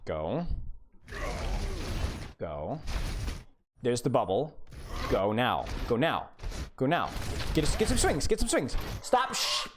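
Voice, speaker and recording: A man's voice: medium pitch, huge pitch swings, takes it slowly, pauses often, noisy background. A man coaching a player through a replay on a live stream, blunt and exasperated, repeating his urging.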